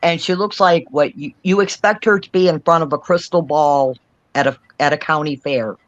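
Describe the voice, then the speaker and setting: A man's voice: fairly high pitch, moderate pace, dry recording, dull audio. Storytelling man with a mixed Boston-Southern accent. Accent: mixed Boston, Florida and Alabama. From Cape Cod, Massachusetts. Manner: storytelling, laughs often. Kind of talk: casual chat.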